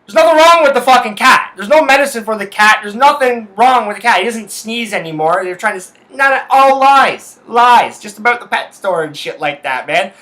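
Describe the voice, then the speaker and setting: A man delivers a heated solo podcast rant, swearing constantly as he tells his story. His voice sits a little high and comes out bright and forceful. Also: animated, normal speed, hardly any pauses. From Canada. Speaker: podcast host. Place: his house.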